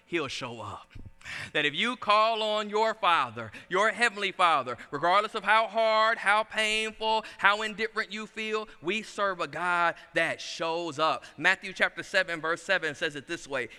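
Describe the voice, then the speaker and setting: A man preaching with animated, conversational flair, swinging between folksy stories and scripture. His voice is bright, crisp and resonant, sitting a little high. The church sanctuary adds a long echo behind him. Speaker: pastor. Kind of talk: sermon.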